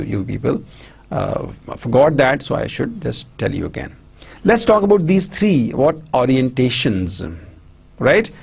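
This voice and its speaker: A man with a Pakistani English accent lectures students in a husky, gravelly voice. His pitch swings widely as he restates points and asks whether the class understands. He talks in short bursts with many restarts. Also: darkish tone. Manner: repetitive, checks understanding often, many restarts. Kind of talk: recorded university lecture.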